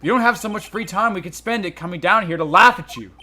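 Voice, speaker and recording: A man's voice: high-pitched, fast talker, pushed and bright, pitched above the performer's own voice, heavily acted. A man voicing a flustered young male defense lawyer with exasperated, stammering retorts.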